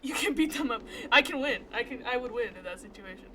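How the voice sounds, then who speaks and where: High lively young woman streamer, jumpy. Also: quick pace, a little hiss or hum. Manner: jumpy, swears, laughs nervously. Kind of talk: live gameplay commentary.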